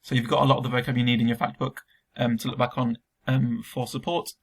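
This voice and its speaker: A man's voice: medium pitch, level tone, fast talker, creaky. A man teaching a recorded remote Spanish lesson to school students, explaining step by step with frequent ums.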